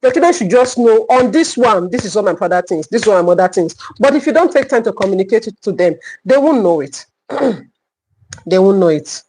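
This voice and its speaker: A middle-aged woman with a Nigerian English accent leads a live online class for parents. She speaks as a psychologist and teacher, emphatic and fond of repeating her key points. Her voice sits in an ordinary middle pitch. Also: lively intonation, a little fast, dark tone, slightly rough, rough recording.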